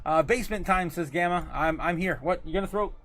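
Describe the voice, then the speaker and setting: A fairly high-voiced man hosts a casual livestream, rambling loosely between topics. He reads viewer comments aloud and breaks into frequent laughter. His talk is full of fillers and restarts. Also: a little fast, fairly bright tone. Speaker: livestream host.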